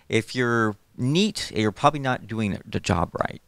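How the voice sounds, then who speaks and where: A man's voice: lowish voice, expressive, slow, vocal fry, a bit bright, no room sound. A middle-aged man, an animator, talking casually in an interview, friendly and rambling with lots of fillers. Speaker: animator and storyboard artist. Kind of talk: casual interview, explaining his work.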